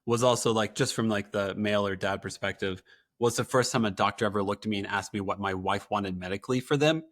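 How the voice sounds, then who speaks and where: A man in his forties hosting a casual podcast chat, relaxed, acting out little quotes as he talks. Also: on the low side, fast talker. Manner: relaxed, frequent yeahs, plays out quotes. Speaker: podcast host.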